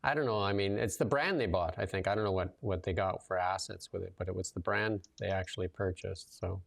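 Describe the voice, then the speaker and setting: Gravelly low-voiced man chatting casually. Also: a little fast. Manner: loose and chatty, many fillers, lively storytelling. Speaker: show host and commentator. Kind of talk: casual livestream chat.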